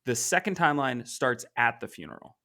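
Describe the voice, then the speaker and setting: A man co-hosting a casual comic podcast, walking through the story in a chatty, halting way with frequent restarts. He speaks at a middling pitch for a man. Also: expressive, bright, forceful tone. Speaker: podcast co-host. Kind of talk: casual comic book discussion.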